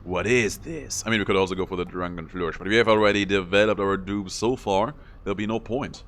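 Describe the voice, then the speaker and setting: A man's voice: sits low, fairly even intonation, quick pace, fairly bright tone, slight background noise. A young man giving casual commentary on his own gameplay, playfully taunting enemies as he goes. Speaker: gameplay streamer.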